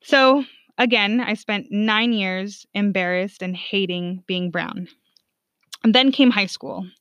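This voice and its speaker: A woman's voice: medium pitch, takes it slowly, a bit bright. A young woman shares a personal story in a blunt, casual way, dropping curse words and filling gaps with "like." The recording is dull and lo-fi, with a dry, close sound and no room echo. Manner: frank, profane, heavy on "like" fillers.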